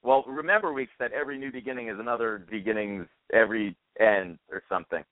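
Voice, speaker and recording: A man's voice: lowish voice, quick pace. Man, from the US, casual podcast host, swears a lot, wry, phone-line sound, no room echo. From United States. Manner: swears freely, reads comments aloud with wry asides. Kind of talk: casual chat over the phone. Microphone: phone call. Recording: dry, tinny phone line.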